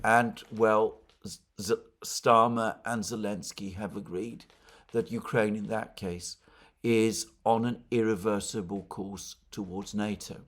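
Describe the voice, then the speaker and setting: A man giving solo political commentary in a measured, explanatory way. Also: lowish voice, steady tone, a bit bright.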